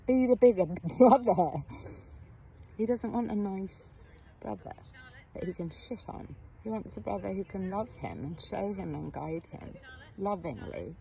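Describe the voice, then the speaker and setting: A woman's voice: medium pitch, animated, normal speed, vocal fry, warm tone, a little hiss or hum. A middle-aged woman, a therapist and coach, tells a story to the camera in a blunt, frank way, swearing casually and asking the viewer questions. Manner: direct address to the viewer with questions.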